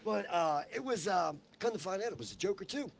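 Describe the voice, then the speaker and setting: Laid-back male actor with a lively voice. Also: high-pitched, a little fast, creaky, a little hiss or hum. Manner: laid-back, expressive storyteller. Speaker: actor, podcast guest. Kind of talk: casual chat.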